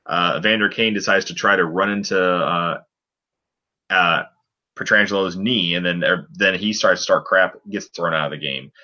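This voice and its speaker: Deep-voiced man recapping hockey, lo-fi. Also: moderate pace, bright, forceful tone. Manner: rambling play-by-play recap with frequent fillers. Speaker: podcast co-host. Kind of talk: casual sports podcast chat.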